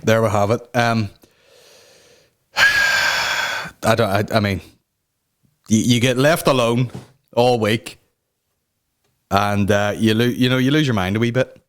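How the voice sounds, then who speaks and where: A man's voice: fairly low pitch, steady tone, takes it slowly, pauses often, fairly bright tone, smooth. Sweary, rambling man hosting a podcast. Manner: sweary, rambling, self-mocking. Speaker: podcast host. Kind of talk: casual comedic rant. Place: home. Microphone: talking to a camera.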